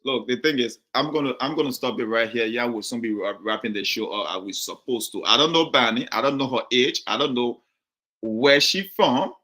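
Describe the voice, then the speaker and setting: A man hosting a live call-in talk show, firm and repeating himself to calm callers. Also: medium pitch, brisk.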